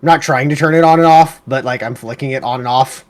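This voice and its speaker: A man's voice: mid-range voice, quick pace. Rambling man describing his game character. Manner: rambling, lots of "like", makes sound effects. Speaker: player. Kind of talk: playing a tabletop game.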